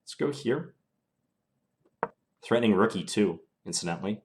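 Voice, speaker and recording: A young man narrates his own chess games live, thinking aloud in an easy, analytical way. His voice sits a little low, and he speaks as if recording at a desk microphone. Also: expressive, normal speed, darkish tone, a little hiss or hum. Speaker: chess streamer.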